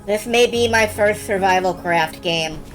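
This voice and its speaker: A woman's voice: medium pitch, a little slow, soft background music. A woman streamer giving casual live commentary while playing a game demo, wry and enthusiastic, swearing freely and thinking aloud.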